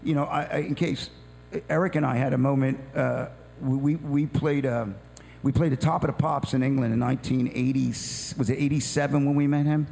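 A man with a gravelly voice chatting with enthusiasm, full of restarts and eager agreement. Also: medium pitch, steady tone, brisk, a little mellow. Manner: enthusiastic, many yeahs and restarts. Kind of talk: casual chat. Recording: long hall reverb with faint hum.

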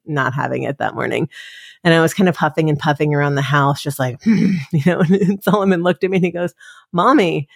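A woman's voice: sits low, a little mellow, no room sound. Candid woman telling stories, dry close mic. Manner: candid, storytelling, quotes herself and her son. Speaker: podcast guest. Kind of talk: casual conversation.

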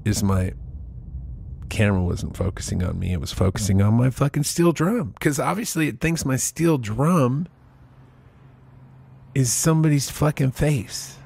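Gravelly, profane podcast host in his forties. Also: mid-range voice, lively intonation, unhurried, pauses often, a little mellow. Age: 40s. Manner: rambling, profane and self-mocking. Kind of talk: casual podcast monologue. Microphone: mic close in front of his face.

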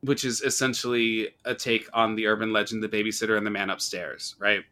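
Podcast host, male, bright lively voice, animated storyteller who acts out quotes. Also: fairly low pitch, brisk. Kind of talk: casual horror movie discussion.

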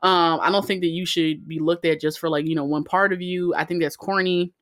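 A woman co-hosting a podcast in casual chat, animated and profane, with her pitch leaping up when she acts out reactions. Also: fairly quick. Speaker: podcast co-host.

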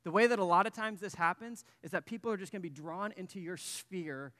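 A male pastor tells a story from the pulpit in a loose, casual way, full of fillers and self-deprecating asides. His voice sits a bit high and sounds bright. The sound carries a long reverb, as in a large hall. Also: a little fast, few pauses. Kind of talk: sermon with personal story.

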